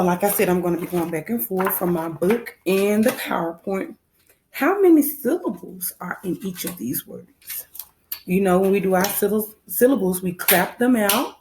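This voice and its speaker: Speaking in an unhurried, slightly mellow voice of medium pitch, a woman teaching first grade takes young children through phonics, patiently going over her instructions again. She has a Southern American accent, and there's slight background noise.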